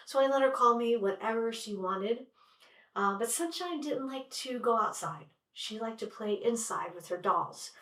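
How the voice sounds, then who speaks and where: A woman telling a personal childhood story in a wry, conversational way. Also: a little high. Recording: roomy sound from a distant mic.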